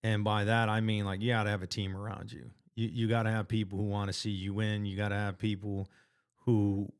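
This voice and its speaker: A man's voice: lowish voice, little pitch movement, fairly quick, clean tone. A man vlogging about his weight-loss progress in an earnest, casual motivational monologue, full of slang and restarts.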